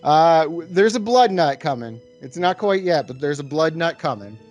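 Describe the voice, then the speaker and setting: A man's voice: fairly high pitch, sing-song, moderate pace, a little mellow, highs cut off, faint music behind. A man co-hosting a podcast, casually recapping movie scenes with swearing and stumbles over words. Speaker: podcast co-host. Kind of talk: casual movie-review chat.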